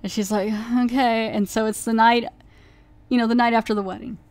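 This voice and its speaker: A woman's voice: fairly high pitch, steady tone, fairly quick, no room sound. A woman hosting a podcast, casually reviewing an episode and retelling its plot in a rambling way, full of "like" fillers. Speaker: podcast host.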